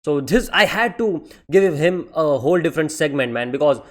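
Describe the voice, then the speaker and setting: A man rants through a casual manga review in a slightly high voice, excitable and full of swearing. He says "man" at the end of almost every sentence and mocks characters in quick put-on voices.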